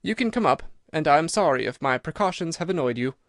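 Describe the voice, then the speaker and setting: A man's voice: fairly high pitch, lively intonation, fairly quick, a bit bright, no echo, clean studio sound. A man voicing a nervous, fat older man with a reedy, quivering voice in an audiobook. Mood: relieved. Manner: jittery, pleading.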